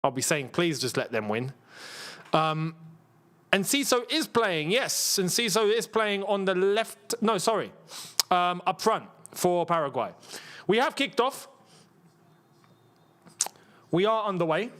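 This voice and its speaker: A man hosting a live football watchalong, chatty and rambling, with excitable bursts at the match action. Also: high voice, measured pace, long pauses. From England. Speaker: football channel host.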